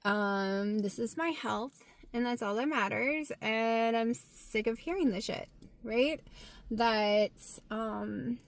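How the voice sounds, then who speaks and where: A woman with a Southern American accent, talking frankly to camera in a casual vlog, getting loud and animated when excited. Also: fairly high pitch, slow pace. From Southern United States. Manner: frank and blunt, swears freely. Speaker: vlogger.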